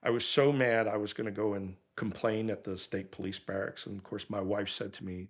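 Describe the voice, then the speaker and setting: Brief: middle-aged man, lowish voice, casual animated storyteller who voices others' quotes. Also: brisk, hardly any pauses. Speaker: car owner telling his story.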